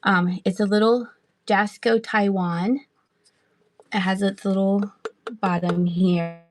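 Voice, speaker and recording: A woman hosting a casual live-stream sale, chatty and quick to laugh as she answers the chat. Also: mid-range voice, steady tone. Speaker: online live-auction seller.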